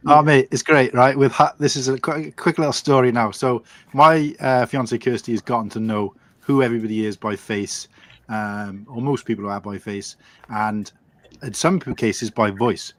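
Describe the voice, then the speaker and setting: A man's voice: mid-range voice, moderate pace, fairly bright tone, no room sound. Chatty man telling stories, dry sound. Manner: chatty storyteller, says "mate". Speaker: guest on stream. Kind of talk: casual chat.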